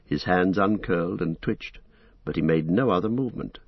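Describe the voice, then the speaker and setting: A man narrating an audiobook in an expressive, dramatic storytelling manner, on a dull lo-fi recording. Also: low voice, normal speed, no echo. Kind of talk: scripted narration.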